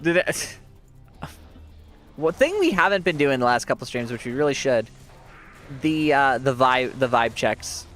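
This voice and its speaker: A man's voice: mid-range voice, big pitch swings, a little slow, pauses often, a bit bright, faint music behind. Chatty, often-laughing male game streamer. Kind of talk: casual live-stream gameplay commentary.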